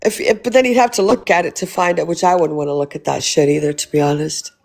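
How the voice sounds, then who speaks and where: A woman's voice: deep voice, expressive, fast, vocal fry, a little mellow. A woman hosting a casual livestream, blunt and swearing freely as she asks rhetorical questions. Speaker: livestream host.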